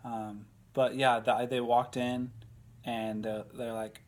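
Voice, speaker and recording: A young man with an average, mid-range voice co-hosts a casual podcast. He tells stories in a halting, chatty way, with plenty of ums and likes. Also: medium pitch, little pitch movement. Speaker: podcast co-host. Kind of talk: casual chat.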